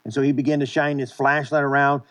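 A man's voice: mid-range voice, little pitch movement, quick pace, a bit bright. A male pastor preaching and praying a sermon in an earnest way, with many restarts and repeated words.

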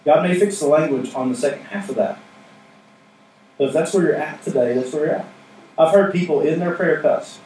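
A man's voice: fairly high pitch, fairly quick, a little mellow. Man preaching casually in an echoey church. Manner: casual, joking, plain-spoken preaching. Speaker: pastor. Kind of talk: conversational sermon. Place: church sanctuary with responding congregation. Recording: echoey room, mic at a distance, faint noise.

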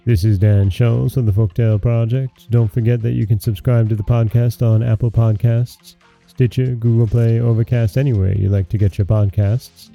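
A man hosting a podcast and reading a fairy tale aloud in a calm, measured narration. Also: mid-range voice, gravelly, soft background music. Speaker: podcast host and storyteller.

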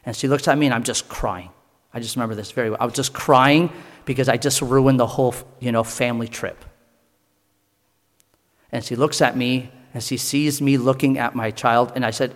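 A man's voice: medium pitch, steady tone, long reverb tail. A man preaching in a sermon, telling personal stories earnestly in short, broken phrases. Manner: earnest storytelling, pausing between short phrases. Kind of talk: sermon testimony.

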